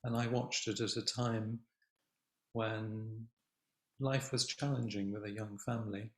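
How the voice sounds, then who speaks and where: Older man, Zen teacher, unhurried dharma talk, soft and reflective, roomy echo. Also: on the low side, level tone. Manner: slow, reflective, gentle, with long pauses. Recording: echoey room.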